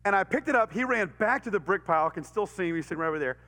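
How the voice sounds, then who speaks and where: A middle-aged man with a Texan accent, a pastor telling a story in a sermon, animated, acting out voices and sound effects and laughing often. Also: high voice, racing. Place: church hall. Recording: reverberant church hall.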